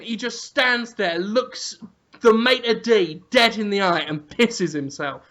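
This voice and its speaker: A man co-hosting a comedy podcast, telling an absurd, crude story in an animated way. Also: high-pitched, slow pace. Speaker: podcast co-host.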